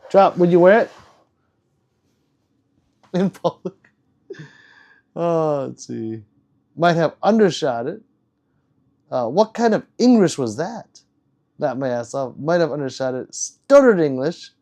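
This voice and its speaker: A man's voice: a little high, big pitch swings, slow, pauses often, darkish tone. A man livestreaming, reading out chat messages and teasing viewers in a loose, rambling, joking way.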